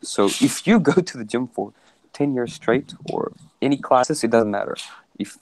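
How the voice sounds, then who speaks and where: A man's voice: mid-range voice, lively intonation, normal speed, background noise. A man chatting casually on a video call, telling a long story with many restarts. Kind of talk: casual chat.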